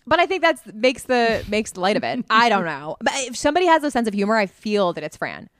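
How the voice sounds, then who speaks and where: A woman co-hosting a podcast, chiming in with quick, enthusiastic reactions in casual chat. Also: a little high, big pitch swings, a bit bright, no room sound, studio quality. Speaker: podcast co-host.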